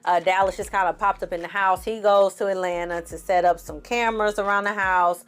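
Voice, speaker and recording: A woman's voice: medium pitch, steady tone, a little fast, clean tone. A woman recapping and reviewing a movie in a casual, blunt and profane way, full of sarcastic asides. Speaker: film reviewer.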